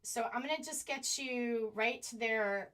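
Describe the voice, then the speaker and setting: Bright-voiced woman hosting a live stream. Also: a little high, measured pace. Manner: apologetic, fumbling with the computer live; animated, indignant. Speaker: online show host.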